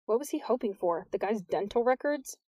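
A woman reading a novel aloud as an audiobook narrator, with smooth, even storytelling. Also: on the high side, a little fast, no room sound. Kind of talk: scripted narration.

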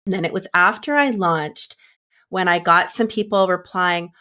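A woman's voice: lowish voice, normal speed, bright, forceful tone. A woman hosting a podcast interview, encouraging her guest in a casual chatty way full of fillers. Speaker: podcast host and coach.

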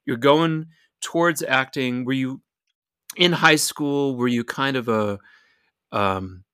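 A man's voice: mid-range voice, takes it slowly, bright, forceful tone, clean tone, no echo, studio quality. A man hosting a casual interview, asking playful, teasing questions. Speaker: podcast host.

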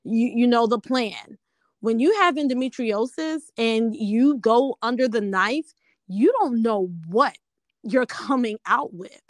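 A woman speaking earnestly in a casual conversation, measured, with fillers and self-corrections. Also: fairly high pitch, no echo.

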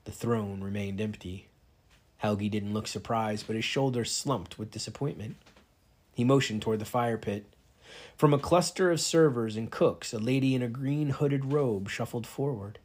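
A man's voice: mid-range voice, moderate pace, a little mellow, husky. A man reading a novel aloud, narrating steadily in the first person. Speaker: reader.

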